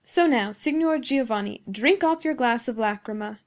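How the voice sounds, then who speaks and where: A woman's voice: a little high, normal speed, lightly acted. A woman voicing an older male professor who is testy and wry, speaking in a dry, teasing way.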